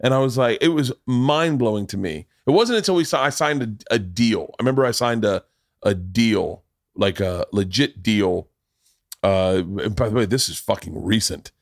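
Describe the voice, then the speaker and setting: A man's voice: lowish voice, moderate pace, no echo, clean studio sound. A middle-aged man hosting a podcast, telling stories casually, acting out the voices in them and swearing freely. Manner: animated, acts out quotes, profane. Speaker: podcast host. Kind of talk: casual conversational storytelling.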